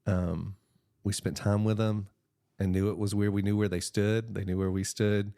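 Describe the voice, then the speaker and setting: A man with a deep, gravelly voice talks earnestly on a faith podcast. He sounds reflective and plain-spoken in casual chat. The recording is dry and close. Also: little pitch movement, normal speed, warm tone, dry recording. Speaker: podcast co-host and church preacher.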